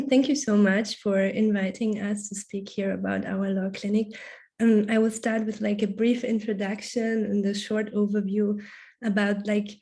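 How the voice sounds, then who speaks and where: Flat-toned woman presenting her law clinic. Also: medium pitch. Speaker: law clinic student speaker. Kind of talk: prepared presentation.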